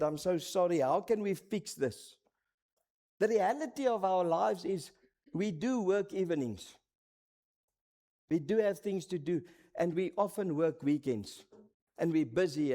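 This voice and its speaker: A middle-aged man with a Namibian accent preaching a sermon as a pastor, telling stories that swing between dramatic highs and hushed lows.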